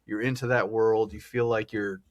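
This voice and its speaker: Delivering his thoughts flatly in a lowish voice at normal speed, a man hosts a podcast about a film. The discussion is casual and rambling, full of chatty asides and frequent laughter.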